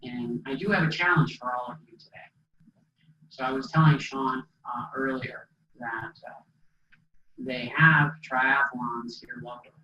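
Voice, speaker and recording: A man's voice: medium pitch, fairly even intonation, unhurried, pushed and bright, slight background noise. Man telling his story in an echoey hall. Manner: conversational storytelling with acted quotes and fillers. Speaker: motivational speaker. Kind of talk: storytelling presentation to an audience. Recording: dull echoey hall sound from a distance.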